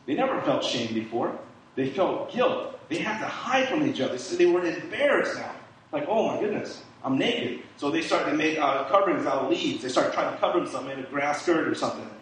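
A man's voice: a little high, lively intonation, a little fast, a bit bright. Man preaching in a very echoey room. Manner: conversational, many fillers and rhetorical "right?". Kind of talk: informal sermon. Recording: echoey room, distant mic, faint hiss.

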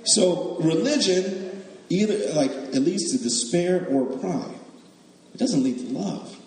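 A preacher with a high, lively voice and a darkish tone delivers a sermon slowly in a casual, joking way. He keeps checking in with listeners by tagging lines with "right?", and his words ring through an echoey hall with long reverb.

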